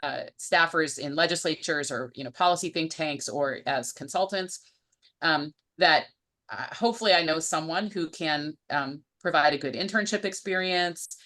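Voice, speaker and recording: A woman professor speaking on a panel, earnest and filling pauses with "um" and "right". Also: deep voice, pushed and bright. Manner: earnest, many fillers. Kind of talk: academic panel discussion.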